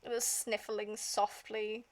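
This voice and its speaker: A woman's voice: mid-range voice, little pitch movement, slow pace. A woman streaming, retelling a story in a casual, rambling way, full of fillers and swearing. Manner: rambling, heavy filler use, frequent swearing.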